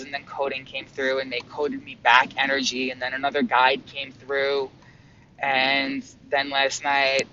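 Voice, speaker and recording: A man vlogging about his spiritual experiences in a casual, excitable way, swearing freely and often stumbling over restarts. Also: medium pitch. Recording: dull lo-fi sound with faint hum.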